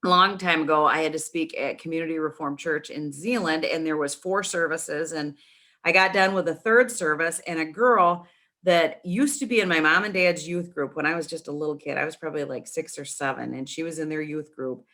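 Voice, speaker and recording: A middle-aged woman, a nonprofit founder and interview guest, chatting and telling a long story with animated restarts. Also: deep voice, fairly quick.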